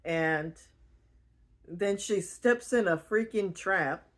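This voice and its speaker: A woman's voice: on the low side, slow. A woman retelling a book in a casual, rambling way, giggling often and using lots of fillers. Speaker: book reviewer.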